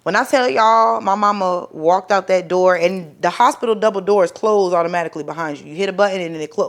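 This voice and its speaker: A young woman, telling a personal story to the camera in a profane, animated way and acting out the people in it. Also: medium pitch. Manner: profane, animated, dramatic re-enactments. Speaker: vlogger. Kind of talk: storytelling vlog.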